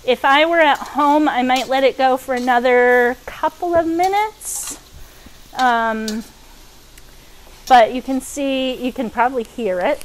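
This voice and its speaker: A woman's voice: high-pitched, measured pace, a little hiss or hum, low-quality recording. A woman hosting a cooking demonstration, chatty with frequent ums, over pans sizzling and utensils clinking. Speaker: cooking show host. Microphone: wearing a microphone.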